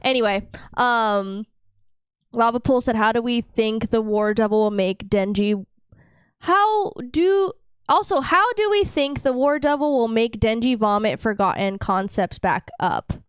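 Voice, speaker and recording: A woman's voice: fairly high pitch, animated, a little slow, smooth, no room sound, clean studio sound. A woman co-hosting a podcast live stream, chatting playfully and reading out viewer comments. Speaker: podcast co-host. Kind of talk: casual live-stream chat.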